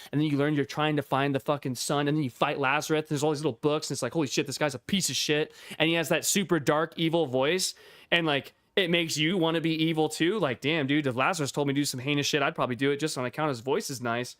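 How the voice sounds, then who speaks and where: A man's voice: fairly high pitch, a bit bright, no echo. Profane streamer guy, dry close mic. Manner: profane, rambling, laughs often. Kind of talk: casual livestream chat.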